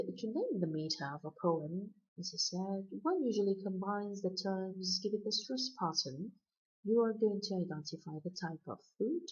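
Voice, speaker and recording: Husky woman teaching slow and step by step, video lecture, dull lo-fi sound. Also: mid-range voice, darkish tone. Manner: methodical, step-by-step explaining. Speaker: literature lecturer. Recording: dull lo-fi recording.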